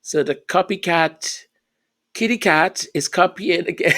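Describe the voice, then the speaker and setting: Slow, sarcastic high-voiced man. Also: fairly bright tone. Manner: sarcastic, exasperated, repeats phrases. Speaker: royal commentary vlogger. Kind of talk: mocking commentary.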